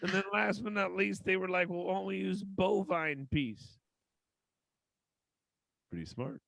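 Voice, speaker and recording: A brash man in his thirties hosts a stand-up show in a high, gravelly voice that often breaks into shouting. His tone is bright and sharp, and the sound is dry and close. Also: unhurried, no echo. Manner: loud, brash, swearing storytelling. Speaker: comedy show host. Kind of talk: stand-up comedy hosting.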